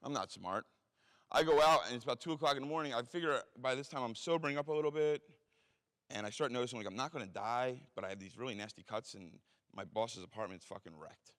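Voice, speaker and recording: A man's voice: mid-range voice, fast talker, a bit bright. A man telling a story from his own life in a blunt, profane, self-mocking way. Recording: reverberant hall.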